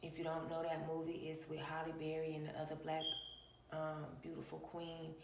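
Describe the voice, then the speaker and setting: A woman's voice: sits low, monotone, normal speed, reverberant, far from the mic, noisy background. An adult woman, telling a personal spiritual story to viewers, emphatic, repeating phrases and calling them y'all.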